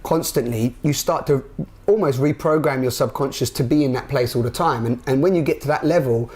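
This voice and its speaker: A man's voice: mid-range voice, brisk, darkish tone. A man hosting a casual spiritual conversation, speaking earnestly and rambling with frequent restarts. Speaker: talk show host.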